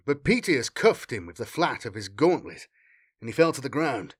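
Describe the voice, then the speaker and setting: A man reading a war story aloud in a dramatic, expressive way as an audiobook narrator. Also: mid-range voice, normal speed, breathy edge. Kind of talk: scripted narration.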